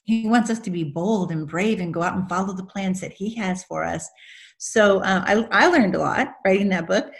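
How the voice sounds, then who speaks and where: Middle-aged woman, author guest, earnest storyteller, mid pitch. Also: moderate pace, gravelly. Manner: earnest storyteller, laughs through her story. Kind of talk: faith-based interview.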